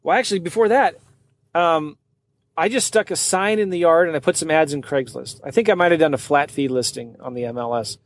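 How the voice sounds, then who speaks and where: A man with a voice pitched a little higher than most tells a story in a casual monologue. He is animated and slips into quoted voices for the people in his tale. He speaks as a real estate wholesaler and podcast host. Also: fairly quick.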